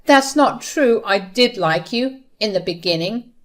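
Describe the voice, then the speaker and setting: A woman's voice: mid-range voice, lively intonation, measured pace, natural voice. A woman voicing a desperate middle-aged mother-in-law who pleads and sounds indignant. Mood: pleading.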